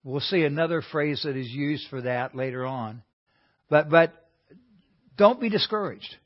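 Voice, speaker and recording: A man's voice: on the high side, a little slow. Earnest man teaching a Bible class. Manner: earnest, conversational teaching with frequent restarts. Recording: dull lo-fi recording.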